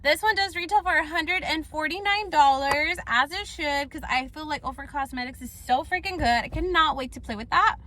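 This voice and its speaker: Gushing high-voiced woman unboxing. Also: fairly quick, hardly any pauses, slight background noise. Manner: gushing, excitable, many fillers. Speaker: beauty vlogger. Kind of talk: casual unboxing chat.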